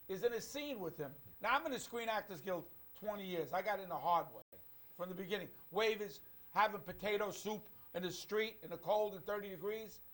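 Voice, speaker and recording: Rambling talk show host, high voice. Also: male voice, fairly bright tone. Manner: rambling with restarts, admiring. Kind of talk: casual talk show chat.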